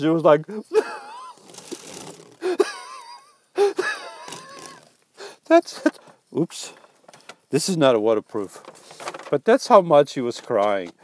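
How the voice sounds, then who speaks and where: A man's voice: medium pitch, slight background noise. A man hosting a casual live stream, reading viewer comments aloud and joking back with playful teasing and stumbling restarts.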